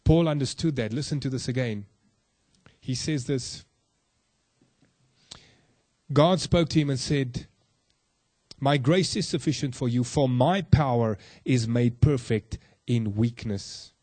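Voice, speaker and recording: A man preaching a sermon in an earnest, direct way, putting questions to his listeners and slowing to stress key words. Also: no echo. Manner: slow emphatic phrasing with soft low drops. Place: room with a congregation.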